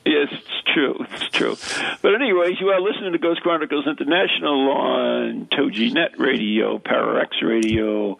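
A man hosting a paranormal radio chat show, curious and quick to laugh as he interviews. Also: medium pitch, gravelly, narrow, tinny audio.

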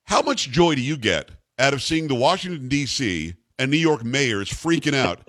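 A man hosting a talk radio show, emphatic and incredulous, tripping over his words when excited. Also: medium pitch, normal speed, no room sound.

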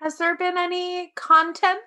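A woman's voice: very high voice, level tone, unhurried, pushed and bright, soft background music. A young woman from Canada co-hosting a podcast, bantering playfully and giggling often. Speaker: podcast co-host. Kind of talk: casual chat.

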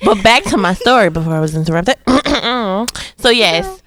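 A woman co-hosting a podcast, telling a story in expressive casual chat and laughing easily. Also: medium pitch, normal speed, crowd noise. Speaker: podcast co-host.

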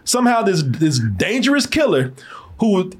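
A man's voice: high voice, very animated, normal speed. A man co-hosting a casual film review, joking and laughing, often acting out characters' lines. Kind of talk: casual chat.

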